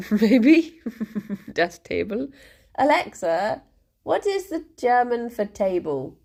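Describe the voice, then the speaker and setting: Woman streamer, relaxed slow ramble, creaky gravelly tone, laughs a lot. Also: on the high side. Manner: rambling and chatty, often laughing, coos at her pet. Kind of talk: casual chat to a live stream. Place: home.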